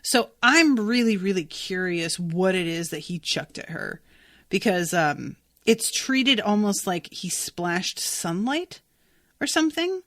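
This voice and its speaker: A woman hosting a podcast who reads a book aloud and reacts to it in an excitable way, swearing freely and laughing. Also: medium pitch, takes it slowly, no echo, clean studio sound. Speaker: podcast host.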